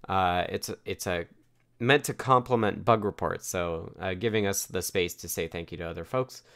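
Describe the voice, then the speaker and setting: A man hosting an online community meeting, walking through the agenda in a relaxed way with many filler words. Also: lowish voice, smooth. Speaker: meeting host. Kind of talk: casual meeting rundown.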